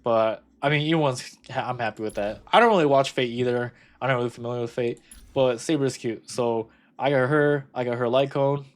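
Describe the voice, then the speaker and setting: A young man in casual gameplay commentary, rambling and correcting himself, with sudden bursts of excitement. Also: medium pitch, brisk. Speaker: gaming content creator.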